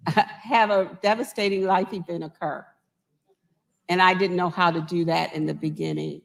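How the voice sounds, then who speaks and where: Woman panelist, low and gravelly, blunt. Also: steady tone, a little slow. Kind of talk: live panel discussion.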